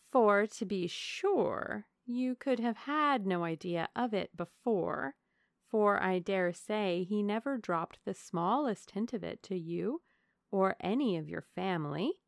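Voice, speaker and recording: A woman's voice: mid-range voice, creaky, dry recording, clean studio sound. Lucy, a coy fawning young lady, as a woman reads her. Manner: gushing, falsely humble, wheedling.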